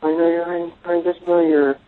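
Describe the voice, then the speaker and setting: A man's voice: fairly high pitch, flat delivery, normal speed, slight background noise. Man, caller, pleading, stumbling, muffled phone voicemail.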